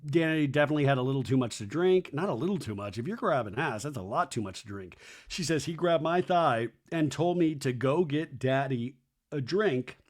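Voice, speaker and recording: Male podcast host, mid-pitch, gossipy recap delivery with quick put-on voices. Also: lively intonation. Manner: chatty, mimics cast members in high mocking voices. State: hiccups. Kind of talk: casual recap commentary.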